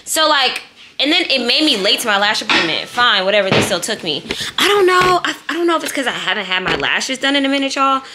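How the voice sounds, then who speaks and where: A woman's voice: on the high side, sing-song, quick pace, very noisy. A young woman vlogging in a casual, chatty way, talking straight to her viewers with lots of fillers. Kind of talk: casual vlog chat.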